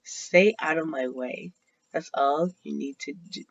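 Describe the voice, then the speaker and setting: A man reading out a snooty mean teenage girl's lines in a cold, flat snarl. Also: on the high side, a little slow, creaky, no echo, highs cut off. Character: snooty mean teen girl.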